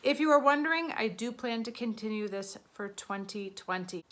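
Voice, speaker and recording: A woman's voice: fairly high pitch, animated, moderate pace, fairly bright tone. A woman in her thirties talking casually to the camera as a beauty vlogger, chatty and a little flustered as she counts out her numbers.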